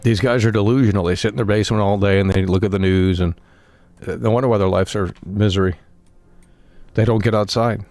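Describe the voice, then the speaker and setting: A man's voice: fairly low pitch, steady tone, a little fast, a little mellow, dry recording. A man streaming live, ranting bluntly at his chat with plenty of swearing. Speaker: game streamer.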